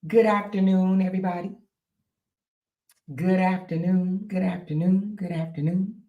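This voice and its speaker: A woman's voice: on the low side, steady tone, a little slow, phone-quality sound. A woman hosting a casual live stream, chatting straight to viewers and laughing often. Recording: echoey room.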